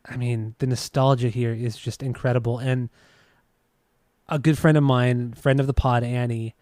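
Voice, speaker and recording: A man hosting a music podcast, talking loosely with lots of restarts and casual swearing. His voice sits in a middle pitch. The sound is dry and close, with little room echo. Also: fairly even intonation, normal speed, a little mellow. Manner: rambling, restarts and swears freely. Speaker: podcast host.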